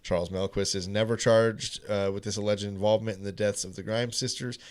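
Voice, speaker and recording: A man's voice: fairly low pitch, fairly even intonation, fairly quick, a little mellow. A man hosting a podcast in a studio, reading a true crime story from notes and running a playful trivia quiz. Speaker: podcast host.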